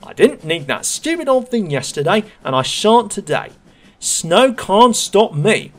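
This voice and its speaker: A man voicing a boastful little tank engine. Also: sing-song. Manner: high, squeaky, drawn-out boasting. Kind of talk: storybook reading.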